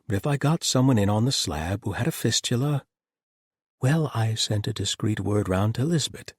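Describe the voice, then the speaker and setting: A man's voice: fairly low pitch, expressive, moderate pace, slightly rough, no echo, studio quality, pitched above the performer's own voice. A man voicing a blunt, exasperated male doctor who talks frankly and rants.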